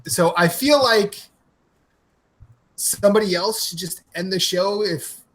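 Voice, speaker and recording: A man co-hosting a gaming podcast over a glitchy online call, speaking hesitantly with many pauses. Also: sits high, a bit bright. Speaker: podcast co-host. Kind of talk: casual chat. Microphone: online call with freezing audio.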